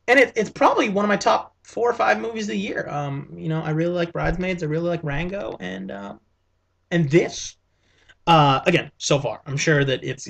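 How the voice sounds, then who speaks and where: A man reviewing a movie in a casual vlog, rambling and enthusiastic, with many fillers and restarts. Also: a little high.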